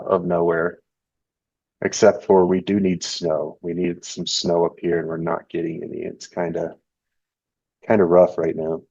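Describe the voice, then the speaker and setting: Young male streamer, low voice, loose and rambling, dry lo-fi audio. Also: dry recording. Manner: relaxed and rambling, reading chat and charts aloud. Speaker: live trading show host. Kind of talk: casual live-stream chat. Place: home indoors.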